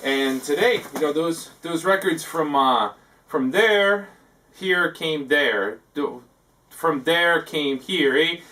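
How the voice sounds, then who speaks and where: Man, comic host, rambling monologue, halting with "like" and "eh", fairly high voice, distant from the mic. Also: expressive, bright, forceful tone, slight background noise. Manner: halting, full of "like" and tacked-on "eh". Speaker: host of a parody talk segment.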